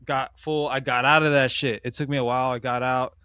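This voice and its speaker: A man's voice: medium pitch, flat delivery, a little fast, sharp tone, clean tone, no echo, studio quality. A young man casually telling a competition story on a podcast, slangy and swearing, calling his listener "bro" over and over. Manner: slangy, swears a lot, says "bro" often. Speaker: podcast host.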